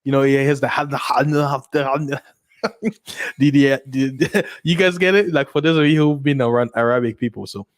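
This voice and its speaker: A chatty man from Africa hosts a casual livestream and reads viewer comments aloud. His voice sits at a medium pitch, and he laughs often and stumbles over repeated words as he talks. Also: steady tone, a little slow, no echo, studio quality. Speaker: channel host.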